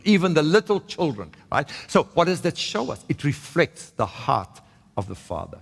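A man's voice: a little high, animated, moderate pace, gravelly, a bit bright, breathy edge, big-room sound. A man preaching a sermon in a conversational way, often checking in with "right?" and restarting his sentences. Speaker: pastor.

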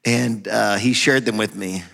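A middle-aged man preaching a sermon, telling a story and swinging from loud praise to quiet asides. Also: lowish voice, fairly even intonation, measured pace, creaky. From half German, half Hispanic. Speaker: pastor. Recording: long hall reverb.

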